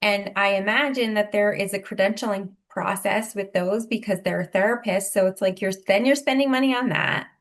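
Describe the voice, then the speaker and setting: A woman co-hosts a relaxed podcast, chatting and spinning stories with plenty of "like" along the way. Her voice sits in a middle register. She talks the way a friend does at a table. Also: medium pitch, normal speed, hardly any pauses. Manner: chatty, animated storytelling with lots of "like". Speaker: podcast co-host. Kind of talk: casual chat.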